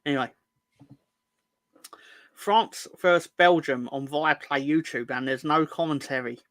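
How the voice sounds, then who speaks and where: A man's voice: fairly high pitch, unhurried, a bit bright, dry recording. A man co-hosting a casual football fan chat, full of sarcastic, sweary banter. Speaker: podcast co-host.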